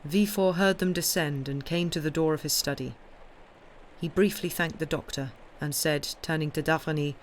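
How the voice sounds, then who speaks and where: A woman streamer reading a classic novel aloud in a steady, clear narration. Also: low voice, normal speed, slight background noise. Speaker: audiobook reader and streamer.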